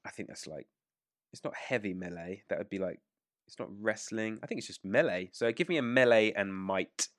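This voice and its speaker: Low-voiced game master. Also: male voice, expressive, a bit bright, no room sound, studio quality. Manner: casual, with fillers and quick rulings. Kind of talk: narrating a tabletop game.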